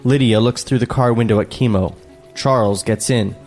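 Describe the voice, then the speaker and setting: A man co-hosting a comedy podcast, reading a screenplay aloud with sarcastic, deadpan asides. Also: mid-range voice, moderate pace, faint music behind. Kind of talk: comedic table read with commentary.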